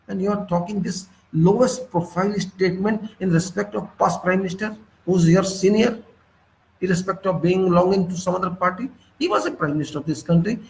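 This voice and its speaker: Indian English man, high-pitched, indignant political commentator firing rhetorical questions. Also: rough recording. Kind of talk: impassioned monologue.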